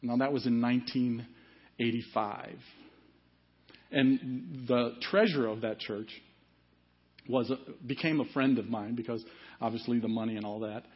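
A man's voice: medium pitch, fairly even intonation, normal speed, long pauses, breathy edge. A middle-aged man preaching a sermon in a conversational way, asking the congregation questions as he goes. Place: church service. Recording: dull, muffled sermon audio.

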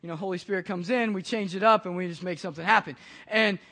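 A man, a pastor, telling a personal story in a conversational, animated way during a sermon. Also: high-pitched, quick pace, vocal fry.

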